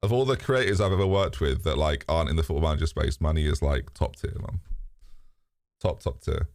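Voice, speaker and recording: A man's voice: a bass voice, fairly quick, darkish tone, no echo, studio quality. A British man hosting a live stream, chatting candidly to his viewers in a rambling way, swearing freely and laughing often. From Britain. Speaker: streamer and host. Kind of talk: casual live-stream chat.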